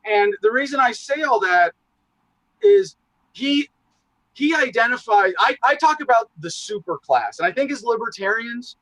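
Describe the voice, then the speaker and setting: A man in casual podcast conversation, talking in animated, profane, rambling asides. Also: extremely high pitch, moderate pace, no echo, low-quality recording. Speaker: podcast guest, show host.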